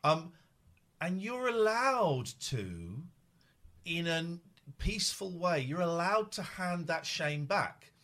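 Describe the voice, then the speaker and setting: A man hosting an emotional conversation, earnest and halting, with frequent restarts. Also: fairly high pitch, big pitch swings, pushed and bright.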